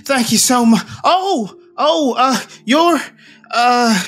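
Guy doing a squeaky frantic halfling mom, loud and gushing. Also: animated, slow, faint music behind, heavily acted. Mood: frantic, grateful. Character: frantic grateful halfling mother.

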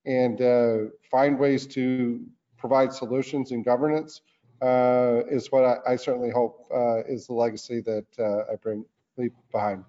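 A man speaking as a senator guest in an interview, in a deliberate, earnest way. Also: medium pitch, level tone, warm tone. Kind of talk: political interview talk. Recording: dull lo-fi sound.

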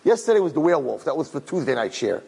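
Guy with a high gravelly voice telling an emotional story, repeats himself a lot, big echoey hall. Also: very animated, fast, background noise. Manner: emotional, repeats words for emphasis. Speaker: religious speaker. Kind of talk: inspirational storytelling talk. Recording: long hall reverb.

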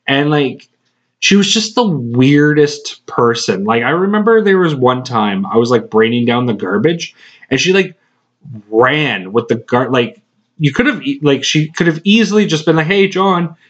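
A man in the host's chair of a casual podcast, spinning a meandering story with plenty of swearing and small laughs. His voice sits at an ordinary pitch. The recording is slightly muffled and lo-fi. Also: animated, moderate pace. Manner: profane, rambling, laughing between phrases. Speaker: podcast host.

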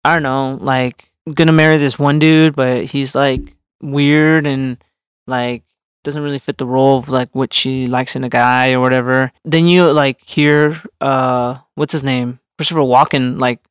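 A man's voice: medium pitch, steady tone, unhurried, smooth, no echo, clean studio sound. A young man co-hosting a podcast, rambling casually with lots of fillers and restarts. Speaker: podcast co-host. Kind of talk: casual chat.

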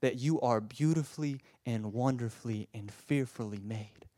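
A man preaching a sermon with passion, swinging from loud urging to a soft hush and often stammering and repeating words. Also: medium pitch, normal speed, dry recording.

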